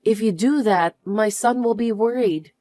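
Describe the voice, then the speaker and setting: A woman's voice: fairly high pitch, measured pace, mellow, no room sound, close to an everyday voice. A woman voicing an elderly mother-in-law who needs care, speaking plaintively in a narrated family drama. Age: older. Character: elderly mother-in-law needing care, meek, then suspicious.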